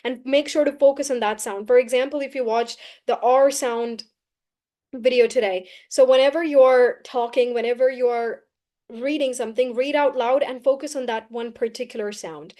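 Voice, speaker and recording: A woman teaching a live online class, brisk and coaxing, often repeating key phrases. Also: fairly high pitch, fairly even intonation, dark tone. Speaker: English teacher.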